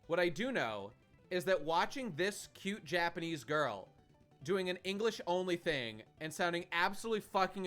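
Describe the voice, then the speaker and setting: A man's voice: sits high, fairly bright tone. Rambling, profane man streaming a game. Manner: rambling and profane, with frequent restarts. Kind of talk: casual live-stream commentary.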